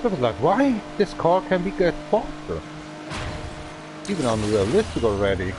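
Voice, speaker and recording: German guy in his 30s, accented broken english, swearing a lot on stream, kinda high voice that jumps all over. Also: sing-song, moderate pace, over music. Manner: ranting, profane, broken English. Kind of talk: casual game-stream chat.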